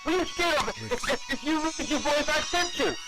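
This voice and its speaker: A man's voice: very high-pitched, lively intonation, a little fast, loud music behind the voice, low-quality recording. A man calling into a radio talk show, talking emphatically, repeating and stumbling over his words. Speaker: caller. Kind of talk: casual phone-in chat.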